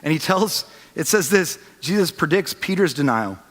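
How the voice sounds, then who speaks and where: A man in his thirties preaching a sermon as a pastor, telling the story and swinging from loud to hushed. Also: on the high side, expressive, moderate pace. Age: 30s. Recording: long reverb of a large hall.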